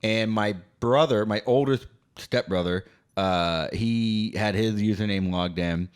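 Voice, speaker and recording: A man hosting a casual chat while playing a video game, relaxed and self-amused. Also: fairly low pitch, a little slow, clear, resonant tone. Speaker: host.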